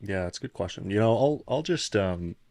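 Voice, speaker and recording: This time the former founder turned CEO coach, in his 30s, sounds fairly low and darkish, a little fast, with lively intonation on a dry recording. He shares his story as a podcast guest, reflective and earnest, restarting frequently when emotion hits.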